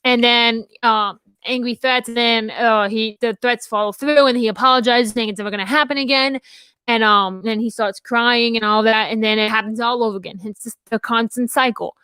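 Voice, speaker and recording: A woman's voice: a little high, fairly even intonation, normal speed, sharp tone, clean tone, dry recording. A young adult woman co-hosting a podcast, talking in casual chat that rambles with frequent restarts and fillers. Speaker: podcast co-host and theater dramaturg.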